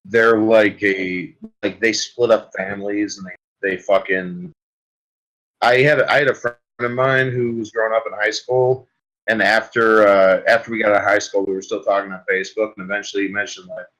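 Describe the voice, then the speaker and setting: A man's voice: fairly low pitch, level tone, normal speed, fairly bright tone, low-quality recording. A man hosting a solo podcast, delivering a rambling, crude comic rant full of swearing. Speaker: podcast host.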